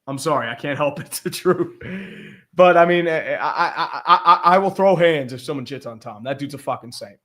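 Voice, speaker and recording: A man's voice: a little high, moderate pace, fairly bright tone. A man hosting a casual sports livestream, talking in a blunt, rambling, profanity-heavy way. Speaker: podcast host.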